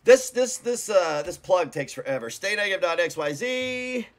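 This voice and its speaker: A man's voice: high voice, sing-song, moderate pace. A man hosting a reaction video, giving casual commentary in a rambling, blunt and mocking way.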